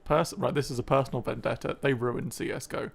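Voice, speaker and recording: A man's voice: medium pitch, steady tone, a little fast, vocal fry, husky. A man co-hosting a casual improvised chat show, bantering easily about games. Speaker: podcast co-host.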